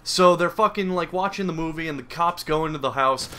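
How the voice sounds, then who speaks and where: A man's voice: on the high side, a little fast, sharp tone, slight background noise. A young man giving crude, sarcastic comedic commentary over gameplay, rambling and mocking as he goes. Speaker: gaming commentator.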